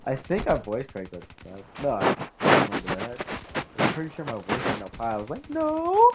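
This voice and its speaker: A man's voice: fairly low pitch, lively intonation, a little fast, very noisy. A fourteen-year-old boy telling an embarrassing story to his viewers, rambling, swearing and calling out "guys". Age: teenager, fourteen. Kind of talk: casual storytelling to camera.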